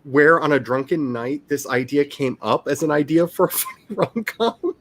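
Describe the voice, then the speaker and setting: A man's voice: fairly high pitch, normal speed, dry recording. A man, chatting casually and rambling on a livestream. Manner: rambling and chatty, laughing often. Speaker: author and streamer.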